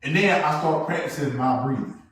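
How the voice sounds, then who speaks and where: A man co-hosting a podcast, chatting casually and telling stories, jumping between loud bursts and low asides. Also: fairly quick. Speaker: podcast co-host. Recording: echoey room, mic at a distance.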